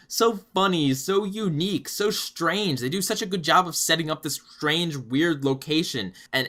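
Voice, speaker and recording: A man reviewing cartoon episodes in a playful, jokey way, with sudden loud bursts. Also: fairly high pitch.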